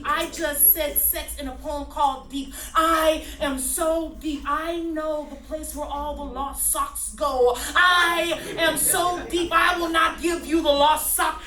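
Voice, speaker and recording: A woman performs comic slam poetry in a mock-solemn, deadpan parody voice, drawing out her slow lines. Her voice is bright and high, and she is heard from a distance in an echoey live room. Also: a little hiss or hum. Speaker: spoken word poet. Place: live venue, room with audience.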